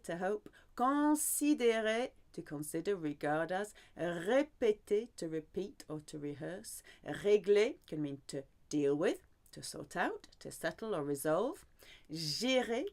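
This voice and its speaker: A woman teaching a language lesson. Her voice is rather low, but it leaps up and down with animated swings. She gives each word a sing-song lilt and repeats words to drill them in. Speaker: French teacher.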